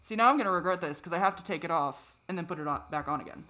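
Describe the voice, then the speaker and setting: Here a vlogger with a high pitch confesses on camera, faltering, repeating phrases and cursing often. Distress gives way at times to soft, wry humor aimed at himself.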